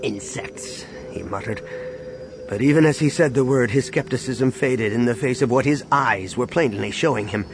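Measured male audiobook narrator. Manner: measured, dropping low on sad lines. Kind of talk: scripted narration. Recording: steady background noise.

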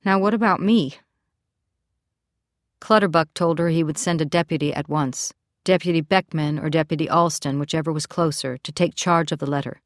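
A woman narrating a novel as an audiobook in a steady, even storytelling manner. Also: low-pitched, fairly quick, no room sound, clean studio sound. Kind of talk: scripted narration.

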